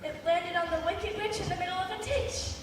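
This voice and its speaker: A woman's voice: very high-pitched, brisk. A teenage girl playing an earnest, polite young farm girl in a school stage play. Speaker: student actor. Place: large school auditorium. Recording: echoey hall, far off, audience noise.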